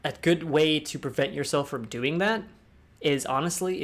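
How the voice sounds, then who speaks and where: A man's voice: on the high side, moderate pace. Rambling young man on public speaking. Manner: rambling, with restarts and asides. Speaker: discord talk host. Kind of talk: casual talk on public speaking.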